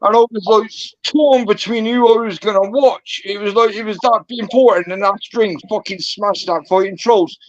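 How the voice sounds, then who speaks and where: A man with a West Country accent, chatting as a panel guest in a rambling, sweary, excitable way. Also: high-pitched, normal speed, hardly any pauses, no echo, highs cut off. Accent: West Country English. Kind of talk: casual chat.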